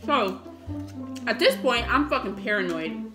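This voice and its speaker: A woman's voice: a little high, animated, unhurried. A young adult woman vlogger telling a story in a chatty, casual way, swearing freely and acting out what people said. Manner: chatty, swears a lot, acts out quotes. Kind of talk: casual storytelling while eating. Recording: echoey room with faint music.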